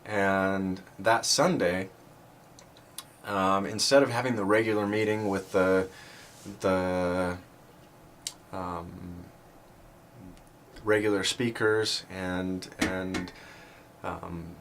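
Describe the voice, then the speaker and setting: Man, lower-pitched, earnest storyteller who laughs at himself, halting delivery, light background hiss. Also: steady tone, fairly bright tone. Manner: earnest and self-deprecating, with halting restarts. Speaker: speaker sharing a personal faith story. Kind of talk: personal storytelling talk.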